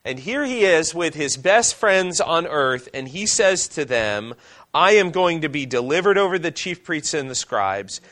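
A male pastor preaching a sermon, reading scripture aloud and asking the congregation questions, slowing down for emphasis. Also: fairly high pitch, very animated, fairly bright tone.

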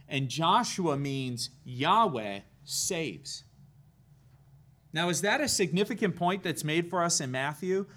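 Male preacher, slightly higher voice, unhurried emphatic sermon delivery, asks the room questions. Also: a bit bright. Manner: rhetorical questions to the congregation, slow and emphatic.

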